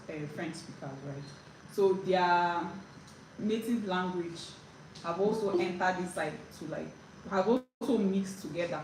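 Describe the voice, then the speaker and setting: A woman giving a casual spoken language lesson, chatty, with frequent "like" and "right?" and many restarts. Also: on the low side. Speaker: language teacher. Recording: roomy echo, distant mic, faint background noise.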